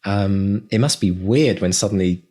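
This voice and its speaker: A man's voice: fairly low pitch, normal speed, mellow. A man co-hosting a podcast, talking in an effusive, rambling, grateful way. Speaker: podcast co-host. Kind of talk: casual podcast chat.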